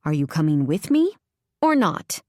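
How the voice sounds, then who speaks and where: A woman's voice: low voice, sing-song, unhurried, a little mellow, dry recording, studio quality. A woman narrator voicing a bitter, guarded mother who speaks in curt, clipped lines.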